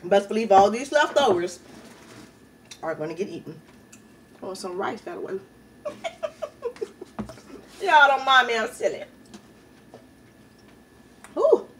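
A woman's voice: mid-range voice, very animated, a little slow, long pauses, recorded from a distance, a little hiss or hum. A woman hosting a mukbang video at home, chatting in slang between bites and laughing often. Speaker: YouTube mukbang host. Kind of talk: casual eating-show chat.

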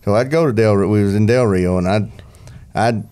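A man in his fifties tells a long, rambling podcast story in a fairly low voice. He restarts his sentences and leans on country slang as he talks. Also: fairly quick, dark tone, clear, resonant tone. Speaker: guest, former pro bull rider.

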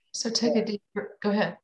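A woman facilitating a healing session, giving gentle, guiding prompts to breathe and repeat. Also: medium pitch, rough recording.

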